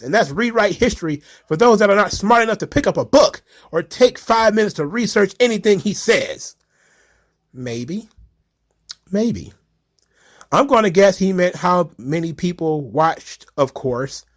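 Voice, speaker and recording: A young man with a slightly raised voice riffs on viewer comments about wrestling history. He is sarcastic and laughs often. He swears casually as he talks. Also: high-pitched. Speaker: wrestling commentary channel host.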